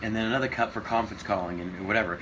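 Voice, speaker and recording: Casting: man in his 50s, comedian guest, fast-talking, loose and profane, noisy recording. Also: fairly low pitch. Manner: animated, profane storytelling with many restarts. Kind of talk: casual interview chat.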